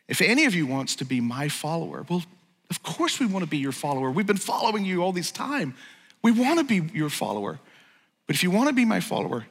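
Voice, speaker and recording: A male pastor delivers a lively sermon and keeps slipping into acted-out quotes and casual asides. His voice sits high and bright, and a long reverb trails after it. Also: slightly rough. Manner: animated, acts out quoted lines, conversational asides.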